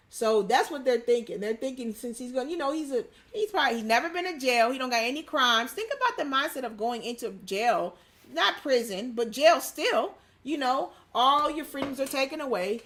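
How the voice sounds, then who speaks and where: A woman's voice: a little high, a bit bright. A young adult woman hosting a livestream, reading news quotes aloud in a chatty way with many ums and asides. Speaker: livestream host.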